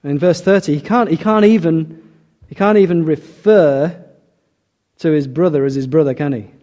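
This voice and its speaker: A man's voice: fairly high pitch, normal speed, mellow, lo-fi sound. A middle-aged man preaching a sermon, earnest and emphatic, often asking rhetorical questions.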